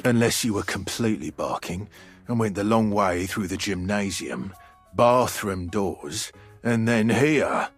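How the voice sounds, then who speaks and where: A suave talking door. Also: male voice, fairly low pitch, lively intonation, a little slow, husky, soft background music. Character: flirty talking male door, polite and playful. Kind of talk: video game voice acting.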